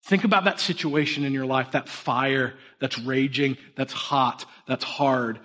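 A man in his thirties preaching a sermon, an energetic storyteller who shifts between hushed, earnest moments and sudden emphatic bursts. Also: medium pitch, unhurried, hardly any pauses. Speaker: pastor.

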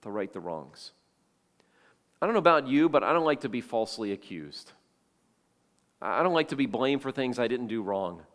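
A man's voice: mid-range voice, big pitch swings, moderate pace, pauses often, big-room sound. A male pastor preaching a sermon, telling the story with feeling and acting out the voices of the people in it.

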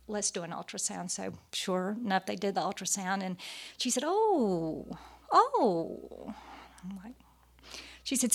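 A woman's voice: medium pitch, gravelly. A middle-aged woman giving a personal testimony to a church audience, storytelling with frequent hesitant fillers. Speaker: speaker at a church gathering.

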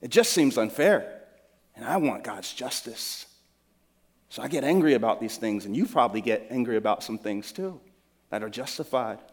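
A man's voice: medium pitch, expressive, moderate pace, husky. A male pastor preaching a sermon in an earnest, conversational storytelling manner. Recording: long hall reverb.

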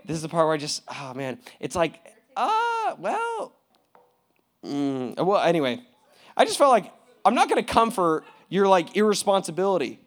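A young man with a high voice preaches in a loose, conversational way, peppering his talk with slang and laughter. He drops to quiet asides and then bursts back up loud and animated. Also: normal speed. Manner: casual, laughing, slangy preaching with big swings in volume. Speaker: pastor. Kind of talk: sermon.

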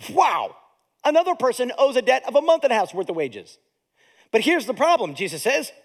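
A man preaching a sermon as pastor, in a lively, conversational way that mixes jokes and acted-out voices into his teaching. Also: very high voice, a little fast.

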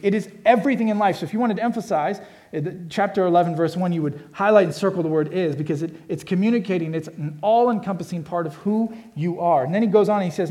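A man's voice: high-pitched, fairly quick, mellow. A middle-aged man preaching a sermon, earnest and conversational, often restarting his phrases. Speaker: pastor.

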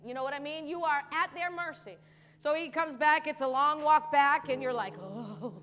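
A woman pastor preaching a sermon at a church service, animated and acting out pleading voices, laughing often. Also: high-pitched, normal speed, big-room sound.

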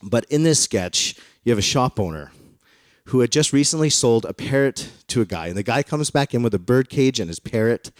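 A male pastor preaching to his congregation in a chatty, storytelling way. His voice sits at an ordinary pitch and sounds dry and close, with little room sound. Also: lively intonation, moderate pace, no room sound. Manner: conversational storytelling. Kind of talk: sermon. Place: in front of a congregation.

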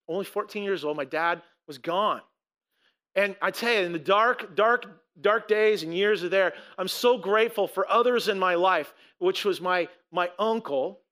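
In a church sanctuary lined with rows of seats, a pastor in his forties preaches a sermon to his congregation in a high, bright, forceful voice. He speaks earnestly, repeating and restarting phrases and slowing down to stress key words.

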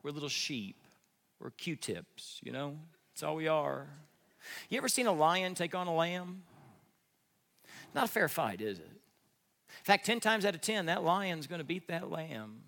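Gravelly-voiced male pastor preaching. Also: fairly high pitch, a little slow, long pauses, long reverb tail. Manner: animated preaching with acted-out voices and humor. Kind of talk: sermon. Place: church sanctuary.

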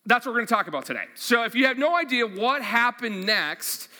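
A man with a high, bright voice preaches a sermon in a casual, energetic way, repeating his questions and leaning on fillers. The sound carries a long reverb from a large church hall. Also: fairly quick. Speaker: pastor.

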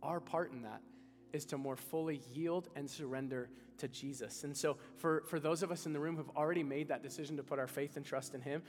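A man's voice: medium pitch, fairly even intonation, normal speed, big-room sound, faint music behind. A man preaching a sermon as pastor, earnest and building to urgent appeals to the congregation. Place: church hall.

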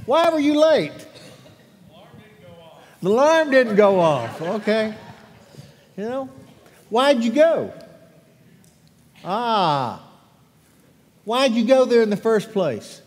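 A man with a notably high voice leads a children's sermon, firing questions at the kids and adults. His words ring out with a long reverb through a large church sanctuary, and his delivery stays animated and playful. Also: takes it slowly, long pauses. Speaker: pastor. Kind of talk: children's sermon and scripture reading.

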